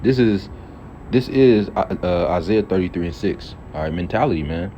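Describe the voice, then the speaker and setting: A man's voice: deep voice, animated, moderate pace, dark tone. A man giving a casual Bible teaching. He reads scripture aloud, then explains it in loose everyday speech full of "all right" and "okay.". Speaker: preacher. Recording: dull lo-fi audio with faint traffic noise.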